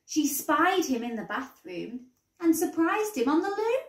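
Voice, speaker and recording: A woman teacher reading a bedtime story aloud in an expressive storybook manner, in a roomy recording. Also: sits high, a little slow, distant mic. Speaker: primary school teacher. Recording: roomy echo.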